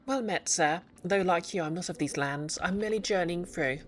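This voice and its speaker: A woman voicing a solemn female wandering bug warrior, formal and measured, on a game stream. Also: lowish voice, voice pushed up, natural voice.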